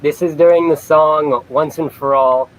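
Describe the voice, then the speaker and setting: A man's voice: fairly high pitch, fairly even intonation, unhurried, low-quality recording. A young man, a guest on an online chat show, giving brief, modest, easygoing answers. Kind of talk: casual interview answers.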